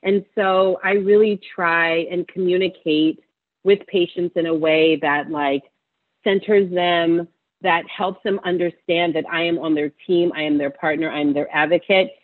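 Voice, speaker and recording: A woman's voice: fairly low pitch, fairly even intonation, measured pace. Teary passionate woman doctor on a phone line. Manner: passionate, warm-hearted, preaching encouragement. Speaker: physician. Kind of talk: interview answer, emotional testimony.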